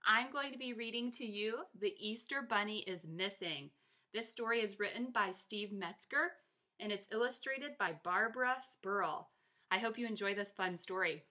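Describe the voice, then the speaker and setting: A woman teacher reading a children's picture book aloud to her class in a lively, expressive way. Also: medium pitch, normal speed.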